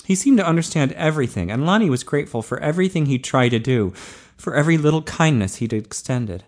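A man reading an audiobook as narrator, in a steady, measured voice. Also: a little high.

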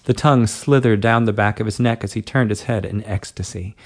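A man reading an adult story aloud at a steady, unhurried pace. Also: fairly low pitch. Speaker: narrator.

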